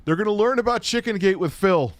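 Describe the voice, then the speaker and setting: Guy ranting and cracking up, high voice jumping all over, super dry close sound. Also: expressive, quick pace, no room sound. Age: adult, his own peer group. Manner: incredulous, mocking, laughs a lot, swears. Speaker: commentary host. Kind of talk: ranting commentary.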